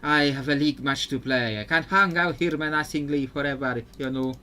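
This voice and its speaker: A man's voice: high-pitched, lively intonation, takes it slowly, a bit bright, slight background noise, pitched above the performer's own voice, heavily acted. A man voicing a brooding, impatient undead male king from a video game, in a mock-dramatic accented impression.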